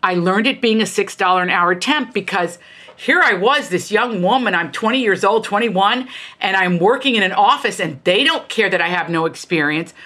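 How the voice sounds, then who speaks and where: A middle-aged woman author, a guest in an interview, telling her stories in an emphatic, animated way with quick asides. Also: mid-range voice. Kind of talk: candid conversational storytelling.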